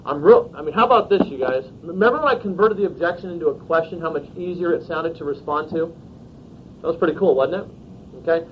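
Male sales trainer, higher voice, direct and no-nonsense, lo-fi training video. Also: fast. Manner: direct, checks in with "okay?". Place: training room, filmed on video camera. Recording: dull lo-fi video with faint rumble.

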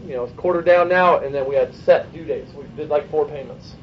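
A man coaching his sales team in a meeting, brisk and persuasive, checking in with "okay?" and firing off rhetorical questions. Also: fairly high pitch, distant mic, dull audio, a little hiss or hum. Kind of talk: sales training talk to a room.

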